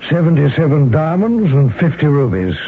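An actor playing a precise Scotland Yard inspector in an old-time radio drama, speaking with a British accent. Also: male voice, on the high side, sing-song, moderate pace. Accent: British English. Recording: phone-like old radio broadcast, faint hiss.

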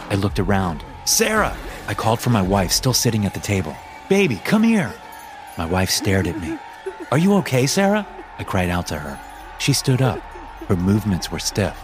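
A man narrating a scripted horror story for a podcast, dramatic and acting out the lines. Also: sits low. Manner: dramatic, acts out quoted lines.

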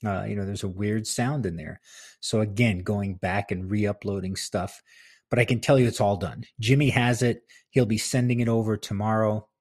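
Man, podcast host, husky voice, chatty, self-deprecating, home office, close mic. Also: on the low side, fairly even intonation, normal speed, a little mellow. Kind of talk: casual solo podcast talk.

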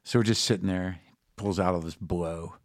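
A man's voice: low voice, steady tone, brisk, no room sound, studio quality. A middle-aged man telling a long, rambling story in casual chat, profane and full of fillers. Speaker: guest comedian.

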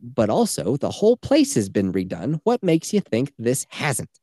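Podcast host, man, thirties, casual swearing raconteur, lively pitch, dry close recording. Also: moderate pace, no echo. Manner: animated storytelling, swearing, acting out quotes. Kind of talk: casual chat.

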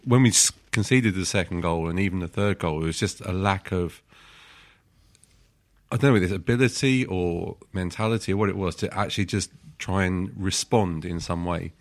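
A man, a guest on a football podcast, speaking in a measured, hesitant way. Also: sits low, dry recording. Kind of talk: casual football chat.

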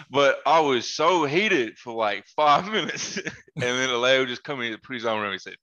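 Bright-voiced man telling laid-back stories. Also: mid-range voice, a little fast, dull audio. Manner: laid-back, laughs often, slangy asides. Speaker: podcast guest, former basketball player. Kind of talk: casual storytelling chat.

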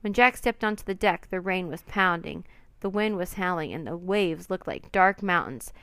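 A woman's voice: on the low side, normal speed, clear, resonant tone, no room sound. Woman reading a children's book aloud. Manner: expressive, dramatic. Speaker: narrator.

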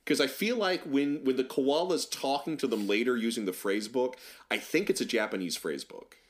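A man co-hosting a podcast, chatting casually about movies in an opinionated, animated way with sarcastic asides. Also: mid-range voice, normal speed. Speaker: podcast co-host. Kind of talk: casual film chat.

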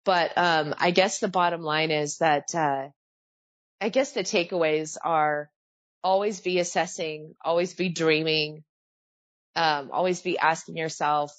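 A woman in her thirties, a pilot who co-hosts a podcast, chats fast and animatedly, bursting into laughter and mimicking people in put-on quoted voices. Her voice sits slightly low, and the close-miked sound is dry, a bit dull, with no room sound.

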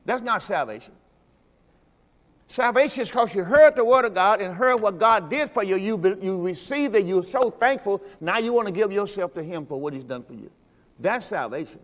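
A man preaching a sermon as pastor. He talks emphatically, asks the congregation questions, and drops into low quiet asides. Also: animated, moderate pace. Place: church sanctuary. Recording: long hall reverb from a church service.

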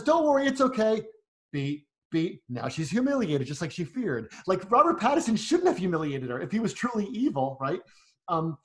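A man co-hosting a film podcast, arguing quickly and critically about a movie in casual conversation. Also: fairly high pitch. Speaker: podcast co-host.

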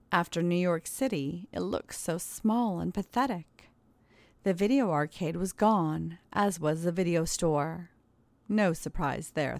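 A woman narrating an erotic story in a smooth, measured storytelling manner into a close microphone. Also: on the low side, mellow, no echo.

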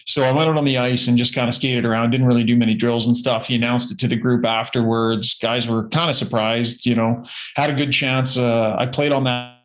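A man, a former hockey player, telling a personal story in a relaxed, chatty way during an interview. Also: mid-range voice, fairly quick, poor audio. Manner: relaxed, storytelling, acts out quotes.

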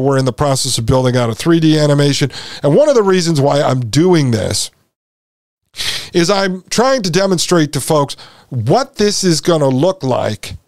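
A man's voice: fairly high pitch, no echo, studio quality. A man hosting his own podcast, talking straight to his listeners in an emphatic solo monologue. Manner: emphatic, talks directly to listeners. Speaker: podcast host.

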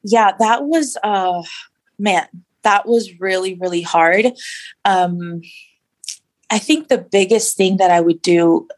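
A woman's voice: mid-range voice, takes it slowly, long pauses. A woman guest in an interview, sharing her personal faith story in an earnest, reflective way with many fillers.

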